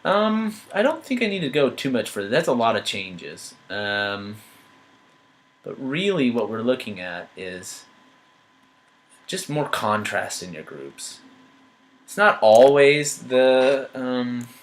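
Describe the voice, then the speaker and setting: A man giving an art critique, talking through changes thoughtfully with many pauses, fillers and restarts. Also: mid-range voice, big pitch swings, slight background noise, rough recording. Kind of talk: painting critique while editing on screen.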